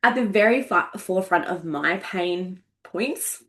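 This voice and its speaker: A woman's voice: lowish voice, expressive, a little slow. A woman in her forties, a coach, talking candidly and emotionally, swearing freely and laughing at herself. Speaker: energetics coach. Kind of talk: candid casual monologue.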